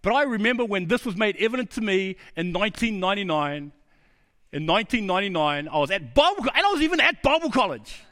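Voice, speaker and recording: A middle-aged man preaching a sermon, earnest and personal, telling his own stories and dropping to a low, quiet voice for emphasis. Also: lively intonation, fast.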